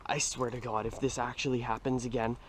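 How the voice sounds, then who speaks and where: A young man in an outdoor fishing vlog, exclaiming as he talks from a kayak on open water, swinging between hushed murmurs and loud outbursts. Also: mid-range voice, level tone, brisk, slight background noise. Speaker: fishing vlogger. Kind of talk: excited outdoor vlog commentary.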